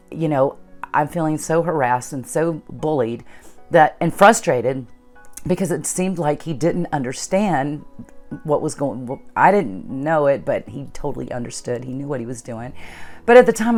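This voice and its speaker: A woman's voice: low-pitched, unhurried, a little mellow, soft background music. A middle-aged woman hosting her own channel, earnestly retelling a personal story and acting out the dialogue. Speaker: channel host.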